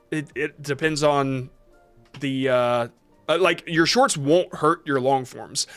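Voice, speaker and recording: A man's voice: on the high side, fairly bright tone. Man hosting a livestream Q&A over faint music. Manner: reads chat questions aloud and answers off the cuff, many fillers and restarts. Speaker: livestream host reviewing shorts. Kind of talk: casual livestream Q&A.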